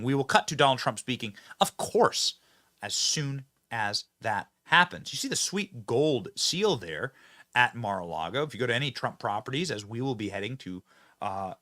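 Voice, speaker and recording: An excitable man hosts a live political talk show, swinging from jokes to hard emphasis. His voice is bright and forceful, and the sound is close and dry. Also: medium pitch, dry recording. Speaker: host.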